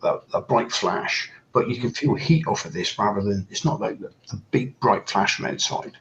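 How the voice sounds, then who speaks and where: A man's voice: on the low side, animated, moderate pace, a bit bright, rough recording. A man running a tabletop game as game master, narrating hesitantly with many fillers and restarts.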